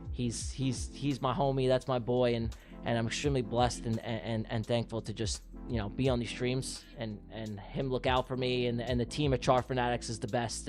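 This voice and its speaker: A man from New York hosting a trading livestream, calling mock races in a rambling, excitable way before winding down, out of breath. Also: medium pitch. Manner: excitable, rambling, repeats himself. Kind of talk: livestream chat and race commentary.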